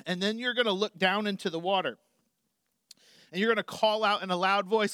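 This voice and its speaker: Animated, high-voiced male preacher. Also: normal speed, long pauses, clean tone, no room sound, studio quality. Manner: animated, swings from loud emphasis to quiet asides. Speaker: pastor. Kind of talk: sermon.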